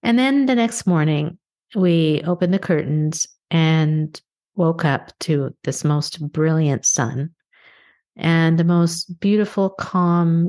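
A middle-aged woman from Canada hosting a podcast, speaking in an earnest, measured way and slowing down for emphasis. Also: sits low, darkish tone. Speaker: podcast host. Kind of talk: reflective motivational monologue.

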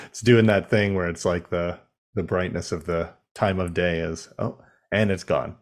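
A man's voice: low-pitched, measured pace. A young man co-hosting a casual chat, who talks loosely, laughs often and swears.

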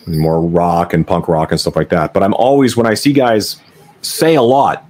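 A man hosting a casual music chat, enthusiastic and quick with asides. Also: low voice, fairly even intonation, a little mellow.

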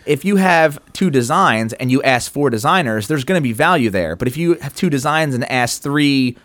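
A man chatting casually on a podcast, loose and unpolished, with the odd swear and acted-out anecdote. His voice sits at an ordinary pitch and sounds close and dry, with no room around it. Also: lively intonation, moderate pace, a bit bright, no room sound. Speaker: podcast co-host.

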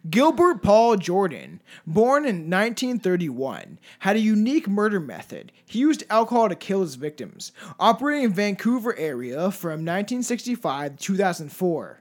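High-voiced man chatting true crime. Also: wildly swooping pitch, normal speed, hardly any pauses, a little mellow. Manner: profane, joking, trails into mumbles. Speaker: podcast co-host. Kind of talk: casual true-crime podcast chat.

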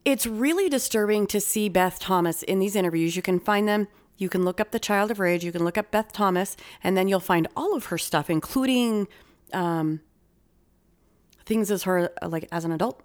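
A woman host chatting on a true-crime podcast at a middle pitch. Her talk is loose and profane, and she rushes through some stretches in quick bursts.

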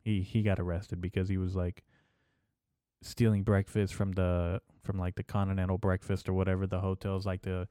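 Brief: male podcast host, low register, dry mic, loose profane comic rambling. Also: flat delivery, normal speed, warm tone, clear, resonant tone, no echo. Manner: profane, loose and jokey, lots of fillers.

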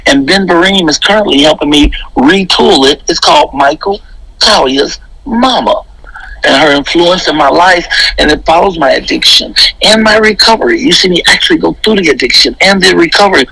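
A middle-aged man, a comedian and interview guest, giving an exuberant, preachy testimony in quick bursts. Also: sits high, expressive, vocal fry, bright, forceful tone, husky, no room sound, rough recording.

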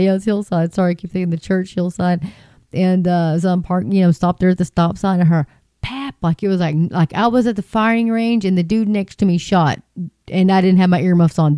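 A woman's voice: on the low side, warm tone, smooth, dry recording. A woman, vlogging in a rambling, emphatic monologue about what worries her. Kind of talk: casual opinion monologue.

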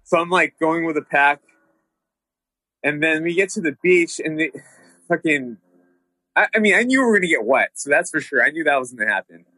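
Animated profane man telling a story. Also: fairly high pitch, fairly quick, pauses often, dry recording. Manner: animated, profane, lots of fillers. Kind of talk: casual storytelling chat.

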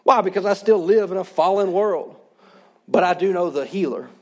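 A man's voice: high-pitched, moderate pace, a little mellow. A man in his thirties, a pastor, preaching a sermon in an earnest, conversational way.

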